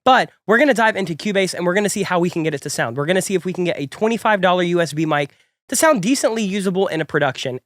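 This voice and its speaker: A man's voice: high voice, a bit bright, no echo, clean studio sound. A young man with a stuffy, cold-affected voice, hosting a music production tutorial in an upbeat, chatty, rambling way. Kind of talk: casual tutorial talk.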